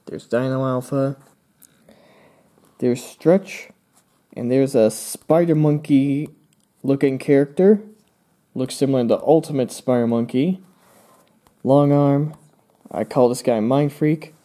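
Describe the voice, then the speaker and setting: A man's voice: mid-range voice, slow pace, long pauses, mellow. A young man hosting his own channel, casually walking through his old drawings in a rambling way, with fillers and playful asides. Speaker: channel host.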